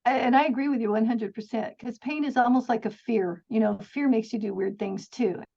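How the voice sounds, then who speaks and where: A woman's voice: on the high side, fairly quick, gravelly, warm tone. A middle-aged woman telling stories as a podcast guest in an earnest, chatty way, often laughing and restarting her sentences. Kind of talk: casual storytelling interview. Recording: dull lo-fi sound.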